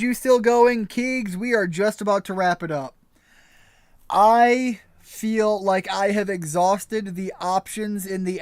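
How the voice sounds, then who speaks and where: A man live-streaming a game, talking it over in a casual, thoughtful, halting way. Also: high voice, clear, resonant tone, dry recording. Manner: thoughtful, halting, searching for words. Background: game music.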